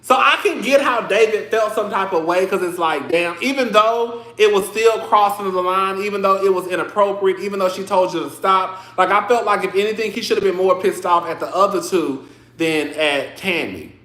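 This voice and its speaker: A man's voice: high voice, normal speed, a bit bright, echoey room. A man hosting a podcast, chatting casually and rambling with lots of "like" and restarts. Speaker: podcast host. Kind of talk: casual commentary chat.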